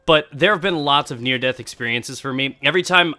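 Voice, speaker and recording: A man's voice: medium pitch, fairly quick, pushed and bright. A man, a gaming video creator, casually telling a rambling personal story to his viewers, swearing freely. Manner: speaks to viewers directly. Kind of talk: casual storytelling over gameplay.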